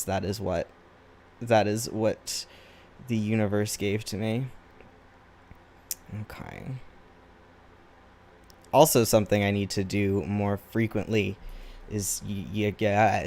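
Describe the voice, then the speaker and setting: This on-camera artist has a fairly low, darkish voice. Worn out, he makes casual, meandering conversation while drawing and is self-deprecating throughout.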